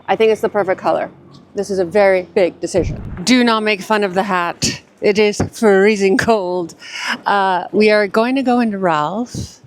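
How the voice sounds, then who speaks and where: Chatty woman vlogging on the go. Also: medium pitch. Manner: chatty, effusive, calls viewers darling. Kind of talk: casual vlog narration to camera. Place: walking around city streets and shops.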